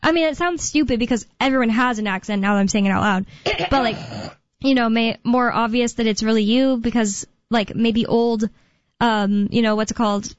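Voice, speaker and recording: Chatty radio host lady, kinda high voice, dull lo-fi sound. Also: moderate pace, no room sound. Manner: chatty, rambling, many fillers. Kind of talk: casual talk radio chat.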